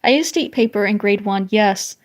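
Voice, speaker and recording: A woman in her 30s from the northern United States streams while drawing, chatting with viewers and reading their messages aloud. Her medium-pitched voice is brisk, and she rambles and restarts often.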